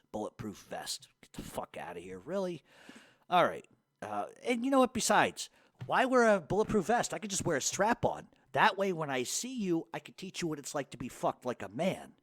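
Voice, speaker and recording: A man's voice: medium pitch, dry recording. A man hosting a radio show, reading hate mail aloud and firing back with profane, mocking insults.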